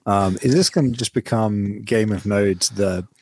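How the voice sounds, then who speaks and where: A man's voice: lowish voice, measured pace, a little mellow, slight background noise. A man co-hosting a podcast, talking in a chatty, jokey way and jumping from topic to topic. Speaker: podcast co-host. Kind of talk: casual chat.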